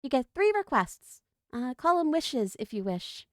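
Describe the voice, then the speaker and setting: A woman reading a story aloud, voicing a calm, wry male desert snake who speaks in a matter-of-fact, joking way. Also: sits high, measured pace, dry recording, clean studio sound, pitched above the performer's own voice. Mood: explaining.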